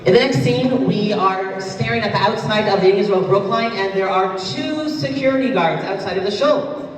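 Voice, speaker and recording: A man narrating scene changes in a plain, matter-of-fact tone. His voice is high, with a long hall echo and clear background noise, heard from far off. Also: moderate pace. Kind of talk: stage narration.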